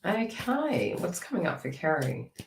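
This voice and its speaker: A woman's voice: fairly low pitch, sing-song, measured pace, gravelly, roomy sound, recorded from a distance, a little hiss or hum, low-quality recording. A woman giving a live tarot reading, chatty and teasing as she talks to viewers by name. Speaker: tarot reader.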